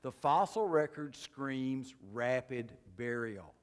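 A man's voice: medium pitch, slow pace. A man giving a folksy, joking lecture with slides to a live audience, delivering dry punchlines. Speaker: creation science speaker. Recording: long hall reverb.

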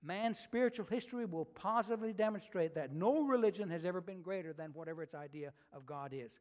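High-voiced man preaching a folksy sermon. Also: fast talker. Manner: folksy, animated retelling with asides. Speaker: pastor.

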